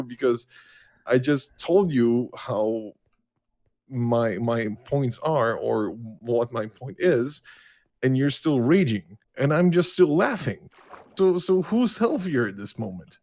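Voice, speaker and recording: A man calling into a show, speaking as an in a halting way with many restarts. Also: mid-range voice, animated, a little mellow. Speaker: caller.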